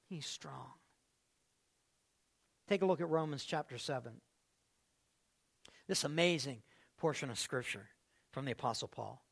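A man preaching a sermon as pastor, asking the congregation questions and swinging between loud, drawn-out lines and hushed ones. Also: mid-range voice, creaky.

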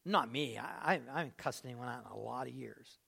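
A man preaching a sermon as pastor, asking the congregation questions and swinging between loud, drawn-out lines and hushed ones. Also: medium pitch, creaky, slightly rough.

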